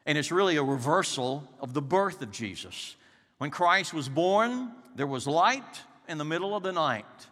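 A man preaching a sermon, swinging dramatically between loud peaks and hushed, quiet lows. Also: very animated, moderate pace. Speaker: pastor. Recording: long hall reverb.

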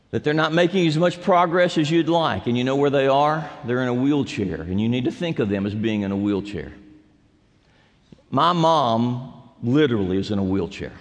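Animated male pastor in a reverberant hall. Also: moderate pace. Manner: animated preaching, swinging from loud calls to quiet low asides. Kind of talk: sermon.

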